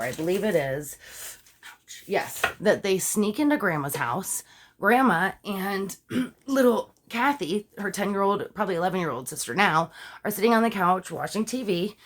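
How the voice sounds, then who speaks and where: A woman telling a true-crime story in a casual, chatty way, with lots of asides, fillers and questions to her viewers. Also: mid-range voice. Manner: talks straight to viewers with questions.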